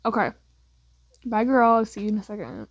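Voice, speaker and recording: A woman voicing an excitable, chatty teenage boy who is the listener's best friend, gushing and calling everyone "girl". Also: mid-range voice, a little fast, no room sound, lo-fi sound. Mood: excited. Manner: gushing, calls people "girl".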